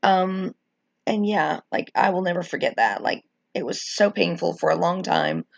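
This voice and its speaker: This streamer, a middle-aged woman, reminisces about wrestling as she reads comments, casual and rambling, full of "like" and "um." She has a lowish, expressive voice with vocal fry, speaks at a moderate pace, and the audio has no echo and lacks the highs.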